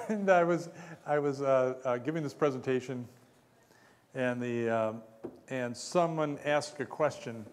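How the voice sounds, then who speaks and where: A man's voice: mid-range voice, big-room sound. A man giving a conference lecture, rambling between asides and chuckling at his own stories. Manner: rambling, chuckles often, self-deprecating.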